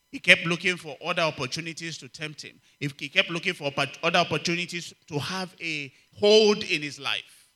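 A man preaching a sermon, emphatic and repetitive, calling out to the congregation and swinging from loud exclamations to quiet asides. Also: on the high side. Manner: emphatic, repeats key phrases, asks the congregation for response. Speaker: pastor.

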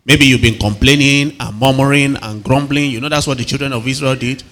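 A man's voice: medium pitch, fairly even intonation, a little fast, a bit bright. A man preaching an evening sermon, emphatic, calling for responses and repeating his phrases. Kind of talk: evening sermon to a live and online congregation.

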